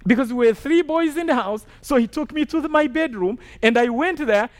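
Male preacher from Rwanda, very high voice, emphatic testimony delivery with call-and-response asides. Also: a little fast. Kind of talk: sermon testimony.

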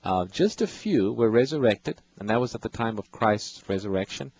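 A man's voice: fairly low pitch, animated, moderate pace, a little mellow, husky, no echo, low-quality recording. A man hosting a radio Bible call-in show, patiently explaining scripture and reading verses to callers.

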